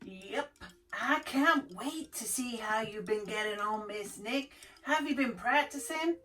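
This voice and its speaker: A woman's voice: on the high side, unhurried, a bit bright. A woman voicing a cheerful, encouraging puppet character on a children's show. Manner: upbeat, encouraging. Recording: distant mic, faint background music.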